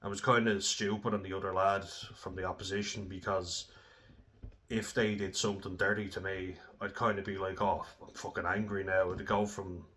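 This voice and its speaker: A man's voice: deep voice, level tone, moderate pace, sharp tone. A young man telling blunt, sweary stories in a casual way, often laughing as he talks. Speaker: former rugby player. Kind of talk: casual storytelling.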